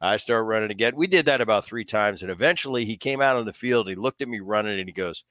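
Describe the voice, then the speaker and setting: A man's voice: fairly low pitch, fast talker, dry recording. Middle-aged man, dry close storytelling. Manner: animated storyteller acting out quotes. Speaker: podcast host, former ballplayer. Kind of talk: casual storytelling chat.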